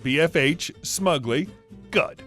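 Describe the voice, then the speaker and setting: A man's voice: high-pitched, expressive, moderate pace. A man reading online stories aloud, with chatty asides between them. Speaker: story narrator. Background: soft guitar music.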